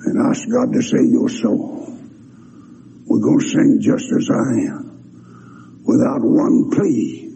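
Gravelly old preacher, fervent revival sermon. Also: male voice, medium pitch. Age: older. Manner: fervent, swings into shouted cries. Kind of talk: revival sermon with altar call. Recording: dull lo-fi recording, faint hiss.

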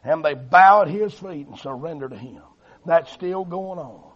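Husky shouting preacher man. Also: normal speed. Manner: swings between loud shouting and low quiet delivery. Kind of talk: fiery revival sermon. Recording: dull lo-fi recording.

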